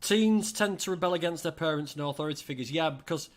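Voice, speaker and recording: A man's voice: fairly high pitch, quick pace. A middle-aged man from England hosting a livestream, chatting casually and reading out viewer comments with jokey asides. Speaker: livestream host.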